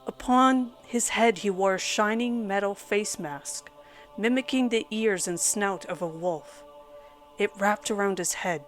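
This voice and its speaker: Woman horror narrator, middle pitch, measured dramatic delivery, faint music bed. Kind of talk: scripted first-person narration. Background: soft background music.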